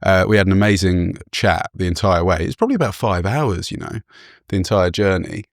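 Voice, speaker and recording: A man's voice: low-pitched, a little fast, creaky, no echo, clean studio sound. A man from England, a podcast host, telling a travel story in a chatty, self-deprecating way and laughing often. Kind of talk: casual storytelling chat.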